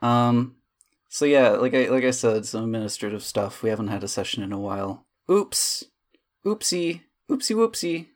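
A woman's voice: a bass voice, little pitch movement, a little fast, darkish tone. A woman running a tabletop game, chatting casually and joking, swearing freely, recorded on a home microphone. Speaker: dungeon master. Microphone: home microphone, recording over a call.

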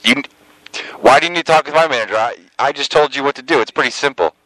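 A man's voice: medium pitch, quick pace, bright, forceful tone, no echo, close to an everyday voice. A man playing a bossy, impatient hotel front desk clerk on a prank phone call.

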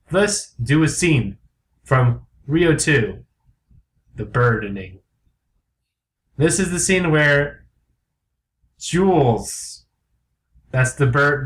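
A young man co-hosting a comedy podcast, chatting casually with sarcastic, deadpan asides. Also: medium pitch. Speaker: podcast co-host.

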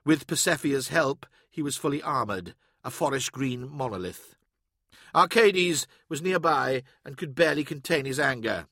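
A man reading an audiobook in steady, even scripted narration. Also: mid-range voice, moderate pace, no echo, clean studio sound.

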